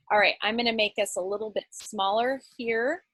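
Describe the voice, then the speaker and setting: A woman facilitates an online workshop over a video call, chatty and encouraging, her sentences loose and rambling. Her voice is a little high and a bit bright, at normal speed, in casual workshop talk.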